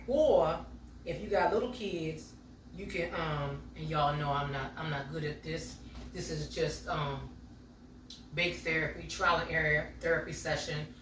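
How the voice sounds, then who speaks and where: A woman's voice: low voice, fairly even intonation, unhurried, a bit bright, a little hiss or hum. Chatty woman in an echoey kitchen. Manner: chatty, talks straight to viewers as y'all. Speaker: home baking vlogger. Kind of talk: casual chatty vlog while baking. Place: home kitchen. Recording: echoey kitchen, mic from far off.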